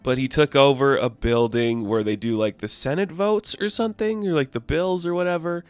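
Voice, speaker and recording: A man's voice: medium pitch, moderate pace, smooth, no room sound, faint music behind. A man giving a casual, rambling comic book review, full of fillers and amused asides.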